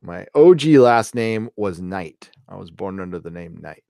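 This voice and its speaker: A man's voice: low voice, animated, a little slow, vocal fry, mellow, dry recording, clean studio sound. A middle-aged man hosting a casual live stream, rambling through stories with profanity and laughing as he reads chat. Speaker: host reading live chat.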